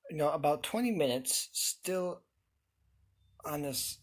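Husky young man ranting over a game. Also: a little high, animated, takes it slowly. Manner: ranting, swearing, exasperated. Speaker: gaming YouTuber. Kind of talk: frustrated let's-play commentary. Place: his own room.

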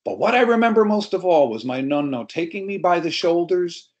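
A man's voice: high-pitched, expressive, a little fast, a little mellow. A middle-aged storyteller tells a family tale in an easy, anecdotal way. He speaks to a group over a video call, as he would to a live audience. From New York.

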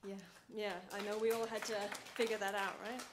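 A woman bandleader chatting softly between songs at a live concert, with frequent pauses and light laughter. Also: mid-range voice, little pitch movement, noisy background. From Malaysia. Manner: soft-spoken, with frequent ums and light laughs. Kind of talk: stage banter between songs. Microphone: stage microphone.

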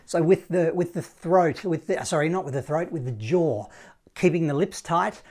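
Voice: mid-range voice, normal speed, darkish tone. A saxophone teacher giving a casual, encouraging online lesson, scatting note rhythms and counting in.

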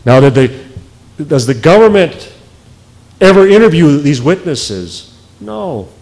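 A man speaking as a researcher in a public lecture, emphatic, with deliberate pauses. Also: on the high side, sing-song, a little mellow, rough recording.

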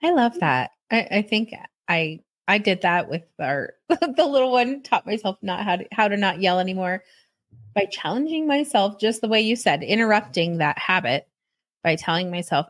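A woman hosting a podcast chats casually with a guest in interview style, her medium-pitched voice expressive and moderately paced. She restarts hesitantly and laughs frequently.

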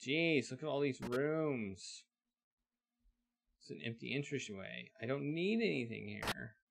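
A man's voice: mid-range voice, animated, measured pace, gravelly, background noise. A man streaming a live video game playthrough, reading game text aloud and making wry remarks on it. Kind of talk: live let's-play commentary.

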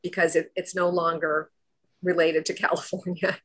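A woman speaking as a presentation coach, a guest on a video-call talk show, explaining in a confident, animated way. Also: lowish voice, moderate pace, slightly rough.

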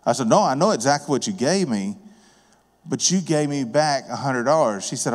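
A man preaches in a folksy, plain-spoken way, his voice sitting at an ordinary middle pitch. He talks to the room like he's chatting with neighbors. Long reverb from the church hall trails behind every phrase. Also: expressive, moderate pace. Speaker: guest preacher and business owner. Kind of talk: sermon with personal storytelling. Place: church sanctuary.

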